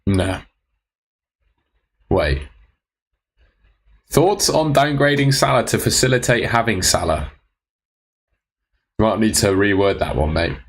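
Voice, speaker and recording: A man's voice: deep voice, a little hiss or hum. A young man casually answering viewers' fantasy football questions on a live stream, laid-back and teasing.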